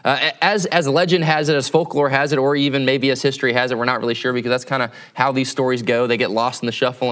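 A man's voice: mid-range voice, fairly bright tone. A man preaching as a campus pastor in a conversational sermon, often checking in with tag questions.

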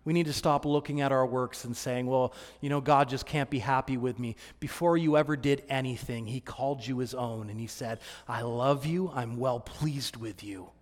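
A man preaching a sermon, swinging between hushed, quiet passages and loud, excited ones. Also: medium pitch, fairly quick, few pauses. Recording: long hall reverb.

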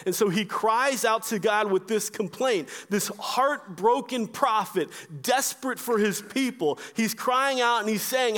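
A male preacher delivers his sermon in an unhurried, measured way. His voice sits high for a man, and he reads scripture aloud in between. He is earnest and presses his points by repeating them. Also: a bit bright. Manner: earnest, emphatic, repeats phrases for stress.

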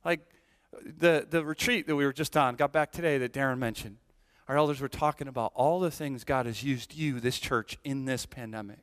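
A man's voice: mid-range voice, fairly quick, fairly bright tone. A man around forty preaching a sermon as senior pastor, earnest, with frequent restarts and repeated words, often asking the congregation "right?".

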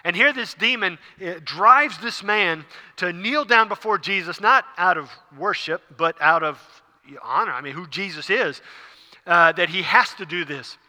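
A man's voice: high voice, expressive, measured pace, sharp tone, big-room sound. A man preaching a sermon, explaining a passage with frequent fillers and restarts. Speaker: pastor.

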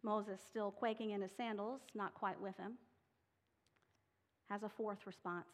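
A woman's voice: mid-range voice, steady tone, unhurried. A woman preaching a sermon, reading scripture dramatically and voicing the people she quotes with rising intensity. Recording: long hall reverb.

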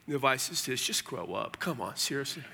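A man's voice: mid-range voice, lively intonation, fast, vocal fry, sharp tone, husky. A middle-aged man preaching a sermon as pastor, conversational and folksy with blunt asides. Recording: long hall reverb.

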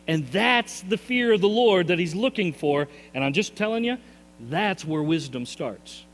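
A man's voice: high voice, animated, moderate pace, a bit bright. A male pastor preaching a sermon in a church, earnest, often repeating his words as his intensity rises and falls. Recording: long reverb in a hall, faint mains hum.

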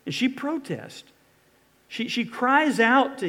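High-voiced preaching pastor. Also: male voice, big pitch swings, slow pace, sharp tone. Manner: dramatic, reads scripture aloud with emphatic pleas. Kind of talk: sermon.

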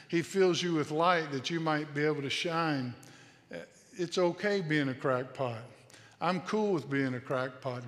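Earnest fifty-something preacher in a reverberant hall. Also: male voice, on the high side, a bit bright. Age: 50s. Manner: earnest, repetitive exhortation with restarts. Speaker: pastor. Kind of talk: sermon.

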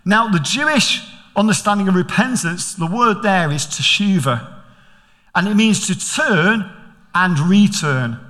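Older preacher with a high voice. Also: male voice, measured pace. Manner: storytelling, animated, questioning. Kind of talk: sermon. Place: church. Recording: reverberant church hall.

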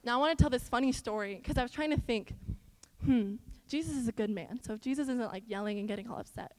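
A young woman from Iowa tells stories to a church audience in a high, smooth voice. She is animated and chatty, and talks straight to her listeners with asides. Long reverb from a church hall carries every word. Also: fast. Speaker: church speaker. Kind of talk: chatty sermon with storytelling.

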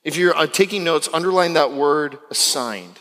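A young man from Florida preaching a sermon as pastor, animated and acting out the people he quotes. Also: normal speed, long reverb tail. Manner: animated, acts out quotes with big pitch jumps. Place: church sanctuary.

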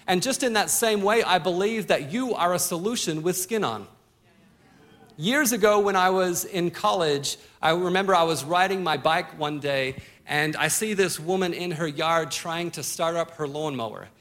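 Storytelling male preacher with a higher voice. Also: a bit bright. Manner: storytelling with acted-out quotes. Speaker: pastor. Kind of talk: sermon.

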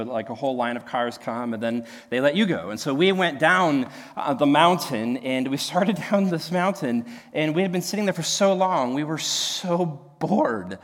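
A man's voice: on the high side, long reverb tail. A young man from Nebraska, a pastor, telling a story in a sermon, chatty, with many fillers and restarts. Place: church.

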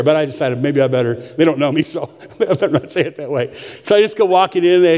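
An older man preaching a sermon, his voice sitting a touch high for a man. He tells plain, humorous stories in an easy folksy way. The sound rings with the long reverb of a church hall. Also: racing, darkish tone. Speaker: pastor. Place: church sanctuary.

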